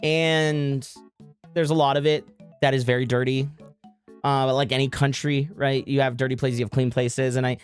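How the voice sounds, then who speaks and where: A woman's voice: extremely low pitch, little pitch movement, moderate pace, soft background music. A woman streamer chatting casually with her viewers, rambling and correcting herself. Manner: rambling, self-interrupting, swearing.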